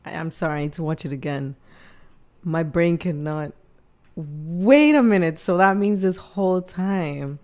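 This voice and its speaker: A woman hosting a reaction video, talking in a chatty, expressive way and swearing casually as she reacts. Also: lowish voice.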